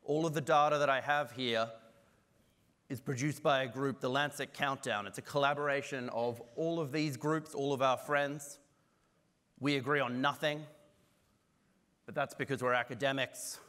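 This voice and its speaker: A man with an Australian accent giving a conference keynote, brisk and self-deprecating with jokes. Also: medium pitch, fairly even intonation, a bit bright. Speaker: keynote speaker.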